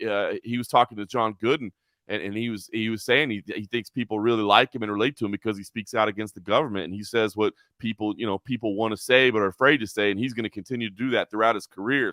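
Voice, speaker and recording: A man co-hosting a casual sports talk show, animated and often repeating words as he gathers his thoughts. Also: on the low side, quick pace, no room sound, studio quality. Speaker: co-host, sports commentator.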